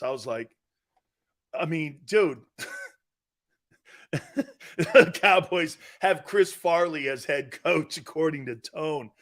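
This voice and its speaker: A man hosting a sports talk show, joking loudly and laughing often as he riffs on football. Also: on the high side, takes it slowly, long pauses. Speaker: sports radio host.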